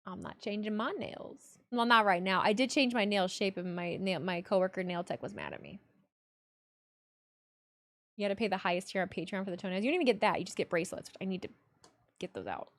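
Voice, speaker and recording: A woman's voice: medium pitch, lively intonation, fast talker, long pauses, fairly bright tone. A young woman streaming casually, joking and speaking bluntly, with free swearing. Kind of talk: casual live-stream chat.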